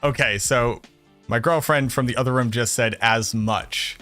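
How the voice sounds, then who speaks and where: Speaking at a measured pace in a pushed, bright mid-range voice, this Boston-accented game streamer from the Boston area jokes around and curses as he talks casually and brashly to his viewers. Faint music sits behind him.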